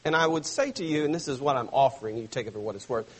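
A pastor preaches a sermon to his church in a husky, mid-range voice, stressing phrases slowly and then dropping suddenly soft.

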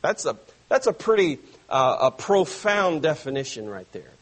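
A man preaching a sermon to his church, stressing phrases slowly and dropping suddenly soft. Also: fairly high pitch, sing-song. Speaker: pastor.

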